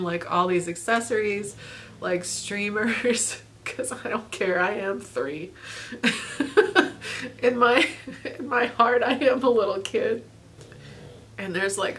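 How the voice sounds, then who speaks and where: A woman's voice: on the low side, fairly bright tone, slight background noise. A woman recording a personal video diary, talking emotionally and tearfully with frequent laughter, rambling with lots of fillers. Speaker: vlogger.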